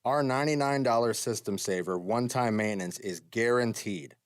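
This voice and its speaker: A male business owner reading his own radio ad in a steady, reassuring way. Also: mid-range voice, brisk, clean tone, no room sound, clean studio sound. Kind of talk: radio ad read.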